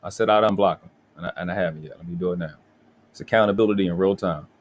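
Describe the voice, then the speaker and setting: A man's voice: sits low, rapid-fire, slight background noise. A man hosting a live stream, ranting angrily with profanity and frequent restarts. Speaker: livestream host. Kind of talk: heated livestream talk.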